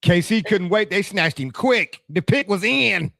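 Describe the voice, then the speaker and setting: High, bright-voiced man hosting sports talk. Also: measured pace, vocal fry, no echo, clean studio sound. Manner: teasing, animated, laughs often. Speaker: sports talk show host. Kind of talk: casual sports chat.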